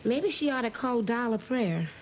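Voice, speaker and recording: A woman's voice: on the high side, expressive, moderate pace, very noisy, lightly acted. An actress playing a wisecracking woman who runs the household, trading sarcastic one-liners in 1980s sitcom style.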